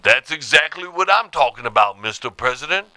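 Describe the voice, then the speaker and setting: A man's voice: medium pitch, expressive, brisk, sharp tone, no room sound. A man playing a pushy aide who presses the president urgently. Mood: insistent. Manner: insistent, urgent.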